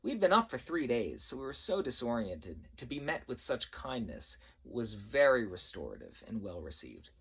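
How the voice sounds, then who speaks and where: Husky, animated male storyteller. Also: mid-range voice, normal speed, hardly any pauses. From New York. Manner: animated, wry. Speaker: army veteran storyteller. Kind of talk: casual spoken storytelling.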